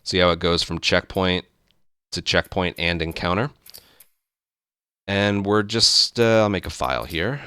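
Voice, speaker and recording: Brief: relaxed male gaming host, lowish bright voice, talks viewers through a run step by step. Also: a little slow, long pauses, clean tone, dry recording, clean studio sound. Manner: relaxed, explaining step by step with fillers. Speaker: speedrun tutorial host. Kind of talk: casual game commentary.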